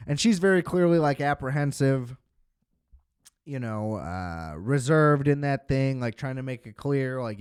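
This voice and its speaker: Brief: man, casual profane film reviewer, smooth voice, dry close sound. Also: medium pitch, expressive, a little slow, darkish tone, no echo. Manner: rambling, profane, filler-heavy. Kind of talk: casual spoken movie review.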